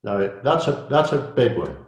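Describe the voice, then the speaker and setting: A man's voice: medium pitch, very animated, normal speed. An older man, a coach and guest, talks in a casual interview, chatty and repeating himself often. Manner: chatty, repeats himself, many "you know"s. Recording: roomy echo.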